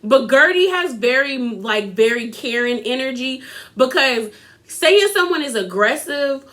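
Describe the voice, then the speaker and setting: A woman's voice: high voice, animated, measured pace, fairly bright tone. A young woman recapping a reality TV episode in casual, gossipy chat, giving her opinions and talking straight to her viewers.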